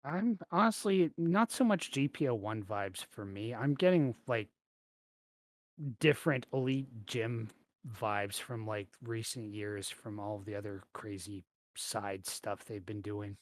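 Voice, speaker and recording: A man co-hosting a casual podcast chat over a video call, talking in an animated, jokey way. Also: fairly low pitch, unhurried, no room sound. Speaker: podcast co-host.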